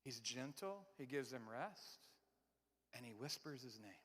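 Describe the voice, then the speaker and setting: A man preaching a sermon in a large church. He talks conversationally and swings from loud, emphatic lines to hushed, near-whispered ones. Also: mid-range voice, lively intonation, unhurried, slightly rough. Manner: conversational, repeats and restarts words. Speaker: pastor. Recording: long hall reverb.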